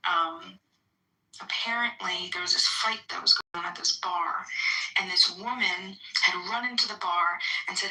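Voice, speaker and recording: A woman on a phone line rambles along with lots of fillers, quick and bright-toned. The audio is echoey and she sounds far from the mic. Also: lowish voice. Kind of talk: casual chat.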